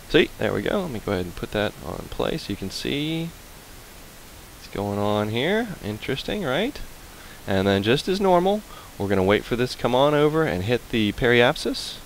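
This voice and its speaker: A playful man hosting a game playthrough, talking low with a gravelly edge and swinging his pitch a lot. He chats loosely and hums along while he plays. A faint hiss sits under the recording. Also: big pitch swings, moderate pace, poor audio. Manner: chatty, playful, hums and repeats fillers. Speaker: let's play host. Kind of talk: casual game commentary.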